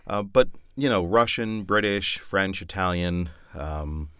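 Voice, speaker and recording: A man with a very low, deep voice chats loosely about his narration work, wandering through his thoughts with frequent fillers. The sound is dry and close, with no room around it. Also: slow pace, fairly bright tone, clean tone, dry recording. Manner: thoughtful, rambling with many fillers. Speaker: audiobook narrator. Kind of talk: casual podcast chat.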